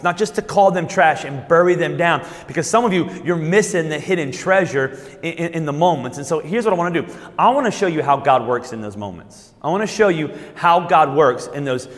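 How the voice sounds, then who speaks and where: Pastor preaching in a reverberant hall. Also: male voice, on the high side. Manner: repeats words and restarts, slows and rises for emphasis. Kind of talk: sermon.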